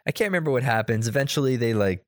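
A man's voice: medium pitch, animated, racing, no echo, clean studio sound. A man casually retelling a cartoon episode in a rambling, loose way, with lots of fillers and swearing.

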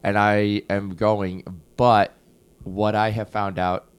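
Smooth-voiced joking man on a podcast. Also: fairly low pitch, little pitch movement, takes it slowly. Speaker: podcast co-host. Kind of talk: casual chat.

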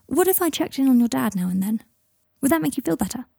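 An earnest, protective young wizard, read by a woman in a storybook reading. The voice is mellow and warm. It is recorded close and dry. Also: sits high, very animated, fast talker, gravelly, slightly rough, dry recording, voice pushed up, heavily acted. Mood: gentle. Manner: earnest, rising to indignant outbursts. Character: young man Harry, a kind, protective wizard.

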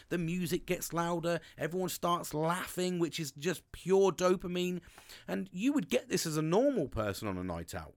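A man, talking candidly and excitably to camera, swearing constantly and restarting sentences. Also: normal speed. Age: 40s. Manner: swears constantly, animated, pitch jumps with excitement. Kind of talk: candid monologue.

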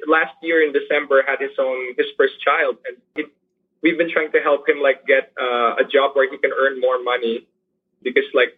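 A man's voice: medium pitch, husky. Earnest man on a tinny phone line. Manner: earnest, halting, many restarts and fillers. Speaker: teacher working with poor youth. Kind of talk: interview over a remote line. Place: lives in Manila.

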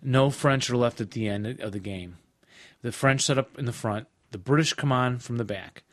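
A man's voice: mid-range voice, normal speed, no echo. A man co-hosting a podcast, chatting casually about a board wargame, laughing often and reading rules off cards. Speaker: podcast co-host.

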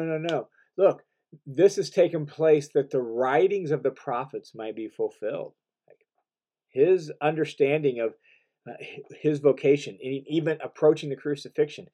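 A man's voice: medium pitch, darkish tone. A man preaching a sermon in an earnest, emphatic way, often restarting phrases and building to stressed bursts.

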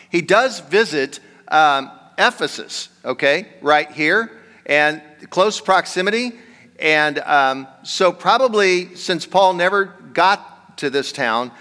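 Pastor guy preaching, kinda high voice, chatty and rambly, echoey big church hall. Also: sharp tone. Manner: conversational, rambling with fillers. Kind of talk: sermon. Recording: reverberant hall.

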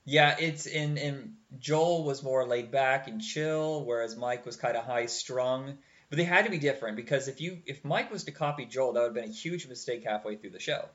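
A man co-hosting a casual chat, telling stories with animated acted-out quotes and frequent laughs. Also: medium pitch, moderate pace, lo-fi sound. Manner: animated storyteller, acts out quotes, laughs often.

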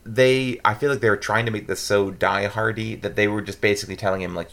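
A man's voice: lowish voice, fairly even intonation, fast talker, gravelly, fairly bright tone. An American man co-hosting a podcast, chatting casually about a movie in a rambling, self-interrupting, joking way. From United States. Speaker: podcast co-host. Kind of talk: casual movie review chat.

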